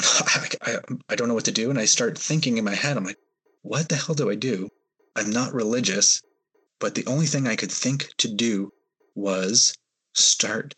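Male podcast guest, low husky voice, rambling storyteller with fillers. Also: fairly bright tone. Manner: hesitant, rambling retelling with fillers. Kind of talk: storytelling in an interview.

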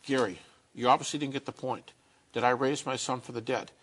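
A man voicing God in a retold imagined talk, slow, insistent and deliberate. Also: medium pitch, steady tone, fairly bright tone, husky. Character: God as an insistent, patient male voice.

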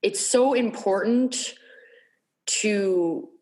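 A woman's voice: mid-range voice, extremely slow, a little mellow. A woman in her thirties, a podcast guest, telling a personal story candidly; she is earnest and emotional and repeats herself while searching for words.

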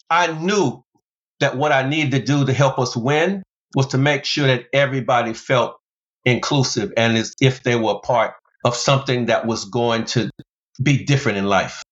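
An American man telling stories as an interview guest, his voice sitting at an ordinary middle pitch. He speaks animatedly and leaps upward for emphasis. The audio is a little dull and muffled. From United States. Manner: animated storyteller, big pitch jumps for emphasis. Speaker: guest, former pro basketballer and motivational speaker. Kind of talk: storytelling interview.

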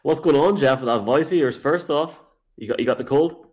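A man's voice: fairly high pitch, a little mellow. A man from Ireland, co-hosting a sports podcast in a chatty, teasing way. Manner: chatty, teasing, quick to laugh. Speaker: podcast co-host. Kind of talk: casual sports chat.

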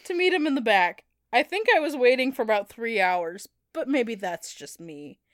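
A woman's voice: fairly high pitch, animated, normal speed, dry recording, clean studio sound. A young woman co-hosting a comedy podcast, reading fan fiction aloud and often breaking into laughter.

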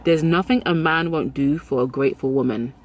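A woman's voice: rumbling low, fairly quick. Chatty woman giving advice. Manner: chatty, emphatic, repeats key phrases. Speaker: lifestyle advice vlogger. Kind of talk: casual advice talk to camera.

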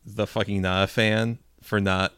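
A man co-hosting a casual comedy podcast with a hoarse, cracking voice, swearing and riffing. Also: fairly low pitch, flat delivery, measured pace, a bit bright, no echo, studio quality. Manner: swears a lot, riffs and restarts. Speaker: podcast co-host.

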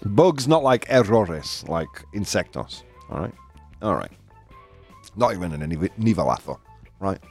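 Playful Yorkshire host, lively pitch. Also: male voice, measured pace, gravelly, husky, soft background music. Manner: playful, laughing, teasing the chat. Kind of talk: live-stream game show chat.

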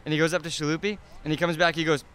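A man's voice: fairly high pitch, little pitch movement, rapid-fire, a bit bright, clear, resonant tone. A man in his thirties, an interview guest chatting casually about his cars, rambling with lots of fillers and restarts.

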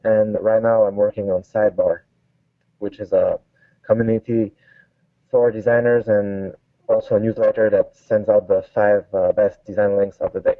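A man's voice: lowish voice, level tone, moderate pace, no echo. French-accented man on a tinny call. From France. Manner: hesitant, many fillers. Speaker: guest designer. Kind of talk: casual interview. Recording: tinny phone-like line.

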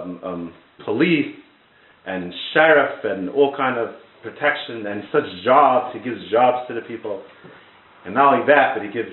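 A man giving a Torah class in sermon style, in Orthodox Jewish English peppered with Hebrew and Yiddish words, often repeating and restarting his words as he tells a parable. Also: mid-range voice. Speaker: rabbi teaching a Torah class. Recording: echoey room, tinny phone-like sound.

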